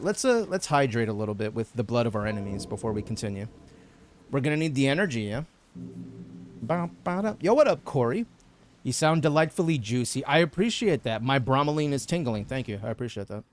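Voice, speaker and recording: Dude streaming a game, goofy and jokey, voice bounces up and down a lot, mid pitch. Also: male voice, fast. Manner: animated, joking, laughs often. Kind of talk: casual live-stream chat.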